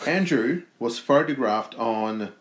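A man's voice: medium pitch, lively intonation, takes it slowly. An Australian man co-hosting a casual podcast, reading odd news stories aloud and cracking jokes between sentences. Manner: reads news stories aloud with jokey asides. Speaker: podcast co-host. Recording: roomy echo.

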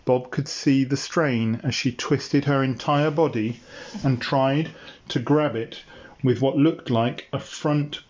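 Slow playful storyteller man. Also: mid-range voice, a little mellow. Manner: playful, unhurried. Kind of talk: improvised story narration. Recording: dull lo-fi sound.

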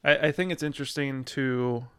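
A man's voice: medium pitch, brisk, fairly bright tone, smooth, no room sound, clean studio sound. A man co-hosting a podcast, discussing a novel in a reflective, hesitant way with many restarts. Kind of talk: casual book discussion.

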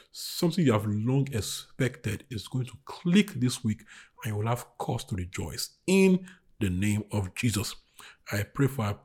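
A man preaching a sermon, repeating bold declarations and then praying more softly. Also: medium pitch, slightly rough. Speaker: pastor. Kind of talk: sermon and prayer.

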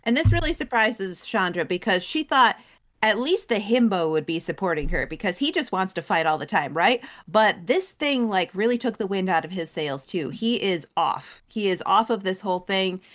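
A woman co-hosting a casual recap show, retelling a story and acting out characters' lines in quick voices. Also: mid-range voice, expressive, a bit bright. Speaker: co-host recapping story lore. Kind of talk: casual chat.

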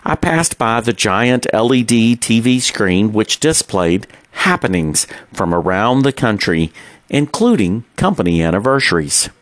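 A middle-aged man reads his personal diary aloud at a calm, unhurried pace. His voice sits fairly low yet moves with lively rises and falls. The sound is close and dry, with no room around it. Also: dry recording. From Texas. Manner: measured, unhurried storytelling. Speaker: narrator. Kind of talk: scripted personal diary narration.

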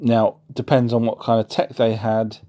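A man's voice: medium pitch, little pitch movement, normal speed, dark tone. A man hosting a casual livestream, answering chat in a rambling way and often correcting himself. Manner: rambling, self-correcting, apologetic asides.

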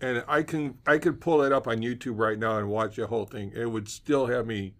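A man's voice: mid-range voice, steady tone, fairly quick. A man co-hosting a podcast, earnestly describing a favorite comedy sketch and laughing as he goes. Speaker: podcast co-host. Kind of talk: casual chat about comedy.

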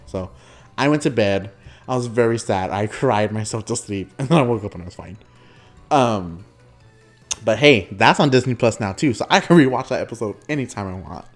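Animated young man telling stories. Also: lowish voice, normal speed, faint music behind. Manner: animated, laughs often, acts out quotes. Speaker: podcast host. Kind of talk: casual storytelling monologue.

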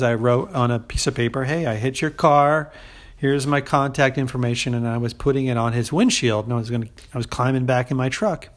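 With a mid-range voice, a young adult podcast co-host tells a story in relaxed conversation, animatedly imitating the voices of the people involved.

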